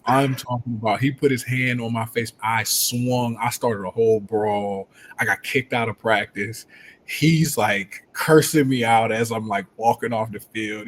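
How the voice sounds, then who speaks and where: A man's voice: lowish voice, a little hiss or hum. Laughing, rambling football coach, man. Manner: animated storyteller, laughs often, loose and rambling. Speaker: football coach and show host. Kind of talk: casual live-stream talk.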